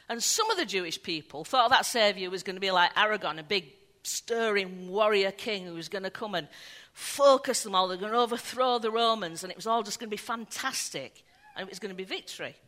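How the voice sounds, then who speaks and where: A woman delivers a sermon, telling the story with animation and performing the voices of its characters. Her pitch is medium and her pace a little fast, with long hall reverb around her.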